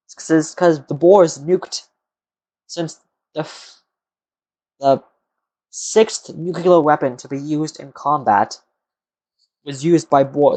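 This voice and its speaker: Young male streamer, tired and unhurried, mutters to himself at his desk mic. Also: fairly high pitch, dark tone. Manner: rambling, muttering to himself, answering chat questions. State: tired, yawning. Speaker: live streamer. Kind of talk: casual live-stream chat while working.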